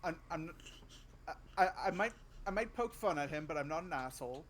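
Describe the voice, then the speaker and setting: A man's voice: a little high, lively intonation, a little fast, fairly bright tone. A man playing a tabletop game, joking and stammering a little as he decides his moves. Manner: sheepish, stammering banter. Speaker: player. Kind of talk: casual chat at a tabletop game.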